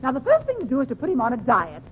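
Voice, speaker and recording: A performer voicing a haughty, vain wife in a 1940s radio comedy, with a prim, affected manner. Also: male voice, extremely high pitch, huge pitch swings, rapid-fire, heavily acted. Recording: tinny, hissy 1940s radio broadcast.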